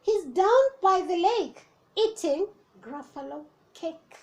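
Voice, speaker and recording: A woman's voice: extremely high pitch, animated, slow, darkish tone, pitched above the performer's own voice, exaggerated voice. A woman voicing a sly, boastful male snake in a storybook.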